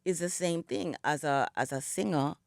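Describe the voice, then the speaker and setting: A low, creaky, somewhat mellow voice at a moderate pace belongs to a middle-aged Jamaican woman, a singer visiting a radio show. She reflects and tells stories, scattering "you know" throughout, her morning voice not yet warmed up. The recording is studio quality with no echo.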